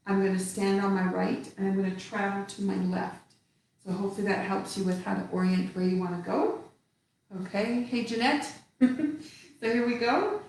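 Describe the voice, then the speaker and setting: A woman teaching a tai chi class, calmly cueing each movement step by step with the odd laugh. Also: mid-range voice, slight background noise. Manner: slow calm cueing of movements, occasional laughs. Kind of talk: live online movement class. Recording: echoey room, speaker far from the mic.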